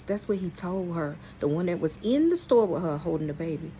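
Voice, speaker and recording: A woman hosting a storytime vlog tells viewers a story bluntly and profanely, often addressing them directly and exclaiming in outrage with animated energy. Her voice is fairly low and fairly quick, with a little hiss or hum in the audio.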